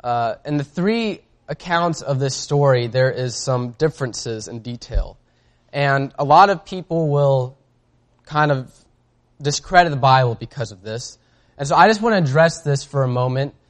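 A man preaching a sermon in a casual, conversational way, reading scripture aloud and often pausing on fillers. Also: mid-range voice, expressive.

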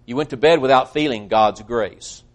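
A man preaching a sermon earnestly, swinging between loud emphasis and hushed, quiet passages. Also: mid-range voice, normal speed. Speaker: pastor.

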